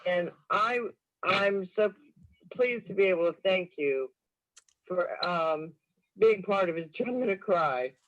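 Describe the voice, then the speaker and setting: A woman calling in to a radio show as a proud mother, speaking in an emotional, halting, grateful way. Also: lowish voice. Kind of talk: call-in radio talk. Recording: dull lo-fi call line.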